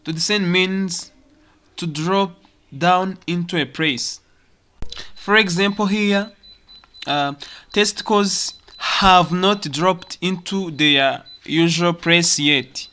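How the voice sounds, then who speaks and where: A teacher from Rwanda giving a pronunciation lesson, repeating words slowly to demonstrate them. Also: medium pitch, bright, forceful tone. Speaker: English teacher.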